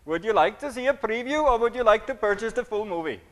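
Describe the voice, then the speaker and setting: A man's voice: sits high, lively intonation, fast talker, fairly bright tone, voice pushed up. A man imitating a polite male movie-service prompt. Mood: playful. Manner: mock accent, playful imitation.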